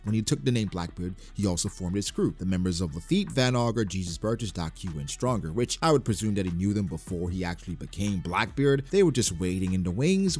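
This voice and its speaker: A man walks through a story timeline in animated commentary. His voice swings widely in pitch, broken up by playful asides. Faint music plays underneath. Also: breathy edge. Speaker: YouTube lore commentator.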